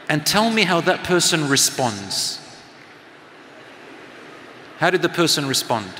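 A man's voice: on the high side, animated, a little slow, pauses often, bright, forceful tone, a little hiss or hum. A middle-aged man and teacher giving a motivational talk to a live audience, engaging them with questions and activities. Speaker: speaker and teacher. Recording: long hall reverb.

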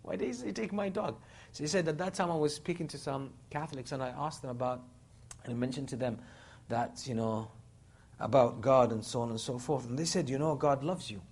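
A man delivers a sermon in an ordinary mid-range voice, retelling a story and acting out the people in it with dramatic emphasis. A faint low rumble sits under the recording. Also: brisk. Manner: animated retelling, quoting others in a dramatic voice. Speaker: Islamic preacher.

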